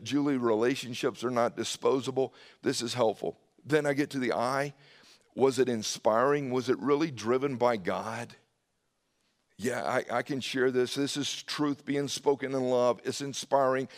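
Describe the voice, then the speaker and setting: A man preaching a sermon, animated, swinging from loud emphasis to hushed asides and calling on listeners by name. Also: mid-range voice. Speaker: pastor.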